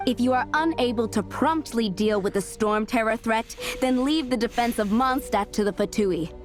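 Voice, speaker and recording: A woman's voice: a little high, normal speed, natural voice. A woman voicing a haughty female diplomat. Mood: condescending. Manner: smooth, condescending. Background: game music.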